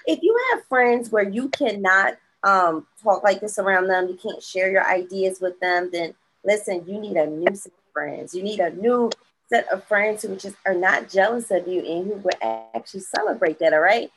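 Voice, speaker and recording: A woman's voice: medium pitch, moderate pace, a bit bright, slight background noise, low-quality recording. A woman hosting a motivational morning show, upbeat and encouraging, who laughs easily, talking over a video call. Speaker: host.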